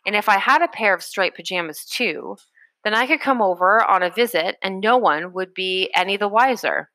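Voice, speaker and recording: Lady reading as a earnest little boy, curious and kind, bright clear tone. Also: medium pitch, normal speed, dry recording, low-quality recording. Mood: eager. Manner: earnest, hesitant.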